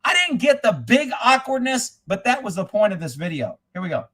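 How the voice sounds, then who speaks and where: Profane, mocking man with a high voice. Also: sing-song, brisk, soft background music. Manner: profane, mocking, bursts into shouting; laughs in disbelief while reacting to clips. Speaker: livestream host. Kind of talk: angry political commentary.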